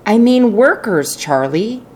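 A woman voicing an old grandfather telling secrets in an audiobook reading, speaking low, hushed and confiding. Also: very animated, slow, husky, exaggerated voice.

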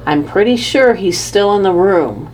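A woman's voice: medium pitch, lively intonation, measured pace, a little mellow, a little hiss or hum, natural voice. A woman voicing a flustered father who is a school principal, pleading and then firm with his children. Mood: hushed coaxing.

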